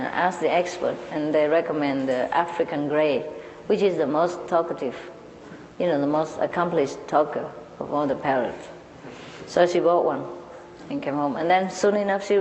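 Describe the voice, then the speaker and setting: A woman with a lowish voice tells a casual anecdote, chatty and quick to laugh, often restarting her phrases. The recording has a long reverb tail and a faint ambient hum behind her. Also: a little mellow.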